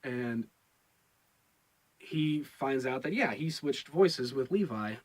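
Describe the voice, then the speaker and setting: A man's voice: mid-range voice, animated, takes it slowly, rough recording. A man giving a casual review of a TV episode, rambling and repeating his words with many fillers. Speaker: show reviewer.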